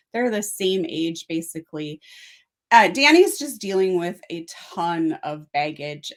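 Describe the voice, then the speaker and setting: A woman co-hosting a casual book review chat, talking in quick asides and correcting herself as she goes. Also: on the low side.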